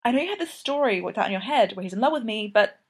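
A wry, self-doubting young college woman, read by a woman close to her own narrating voice. The lines come a little higher and brighter than the narration, in a plain storybook reading. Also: expressive, very fast, breathy edge.

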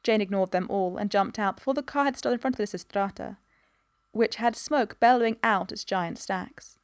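A woman narrating a story in an even, measured reading voice. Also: medium pitch, smooth, no room sound, clean studio sound.

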